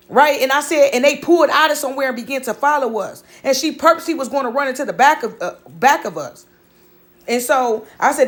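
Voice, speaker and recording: A woman with a high-pitched voice rambling through a casual vlog story. She swears freely, quotes what she told others, and keeps checking in with a quick "right?". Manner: retells her own words with "I said". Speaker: vlogger.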